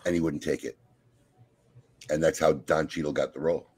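A man hosting a podcast in casual group chat, animated and teasing with quick asides. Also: very deep voice, slightly rough. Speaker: podcast host.

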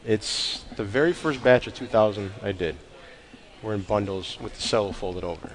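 A man's voice: fairly low pitch, normal speed, low-quality recording. Blunt, profane man telling stories. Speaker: cigar maker. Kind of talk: casual chat.

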